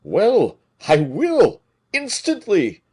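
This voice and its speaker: A man reading an audiobook voices a blustering giant soldier who talks loudly and excitably. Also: on the high side, normal speed, breathy edge, voice pushed up, heavily acted. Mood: astonished. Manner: loud and excitable, exclaiming.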